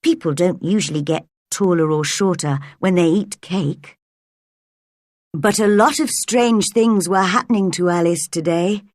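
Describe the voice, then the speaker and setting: A woman reading a simple storybook aloud for language learners, slow and clear. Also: fairly low pitch, no room sound, studio quality. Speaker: reader.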